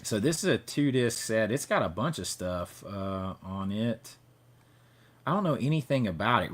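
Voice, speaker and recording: A man's voice: lowish voice, lively intonation, normal speed. A man hosting a casual livestream chat about movie releases, talking loosely and reading blurbs aloud. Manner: chatty, reads blurbs aloud in a mock news-anchor voice. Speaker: host.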